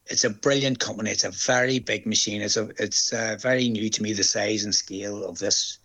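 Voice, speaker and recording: A man's voice: fairly low pitch, fairly quick, husky. An older man with a Northern Irish accent, a stage actor chatting in an interview, telling stories and acting out the voices of the people he quotes. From Northern Ireland. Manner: chatty storyteller, quotes others in lively voices. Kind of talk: casual interview chat.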